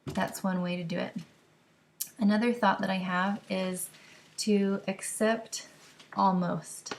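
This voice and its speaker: Slow, gravelly-voiced woman giving parenting tips. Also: mid-range voice, fairly even intonation, slight background noise. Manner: slow, careful explaining with gentle demonstrations. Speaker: mother teaching baby signs. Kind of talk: instructional talk to camera.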